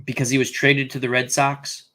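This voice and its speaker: Man, bright voice, casual live-stream host, chatty, thinks out loud. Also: mid-range voice, flat delivery, moderate pace. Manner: chatty, thinks aloud, reads viewer comments.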